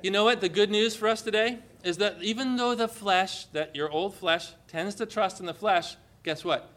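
A man preaching a sermon in church, animated and acting out the quoted lines in changing voices. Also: high-pitched, moderate pace. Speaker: pastor.

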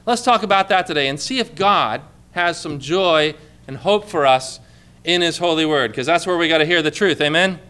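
A male pastor preaches to his congregation in a high, bright voice. His delivery is clear and conversational, full of questions to the room and calls for an amen. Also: moderate pace. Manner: conversational preaching with many rhetorical questions, asks for amens. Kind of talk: sermon. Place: church with a congregation.

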